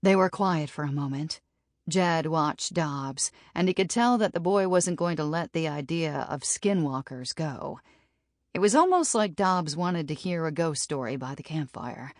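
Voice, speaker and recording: A woman narrating an audiobook in a steady, even reading. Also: low voice, unhurried, no echo. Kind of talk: scripted narration. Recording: dry studio audiobook.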